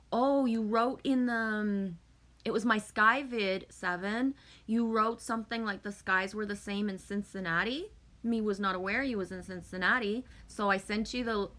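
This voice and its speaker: Woman streamer, loose and chatty, sweary, reading out comments, bright voice. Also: medium pitch. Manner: chatty, swears often, sometimes refers to herself as "me". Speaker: live streamer chatting with viewers. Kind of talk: casual live-stream chat.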